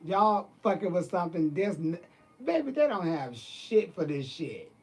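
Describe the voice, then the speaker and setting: Sassy, profane man with a high voice. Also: very animated, a little slow, breathy edge. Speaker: vlogger. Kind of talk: casual ranting monologue.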